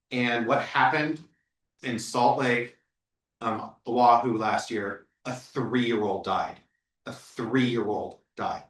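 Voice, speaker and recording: A man's voice: mid-range voice, a bit bright. A man leading a community meeting, talking in a blunt, earnest and emphatic way. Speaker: meeting organizer. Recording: echoey room from far off.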